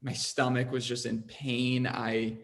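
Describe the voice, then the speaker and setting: A man's voice: medium pitch, level tone, takes it slowly. A young adult man hosting a podcast, telling his own story in a casual, rambling way, with lots of "like" and an earnest tone. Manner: rambling, heavy use of "like", earnest.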